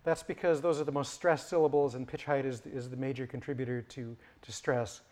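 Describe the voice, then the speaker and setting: A male lecturer talking through an academic point at a middle pitch. He stops and restarts often and fills the gaps with ums and uhs. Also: fairly even intonation, darkish tone. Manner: halting, many fillers and restarts.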